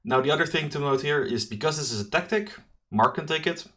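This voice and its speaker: A man hosting a card game preview, talking through new cards in an enthusiastic, chatty commentary with quick asides and self-corrections. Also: fairly high pitch, fairly bright tone. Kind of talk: solo card review commentary.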